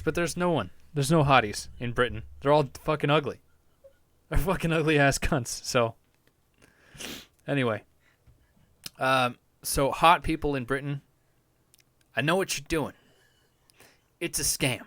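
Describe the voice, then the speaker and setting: A man's voice: medium pitch, normal speed, long pauses, a bit bright, no room sound. Profane rambling man on a close dry mic. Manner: rambling, profane, self-amused. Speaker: podcast host. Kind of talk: casual crude comedic rant.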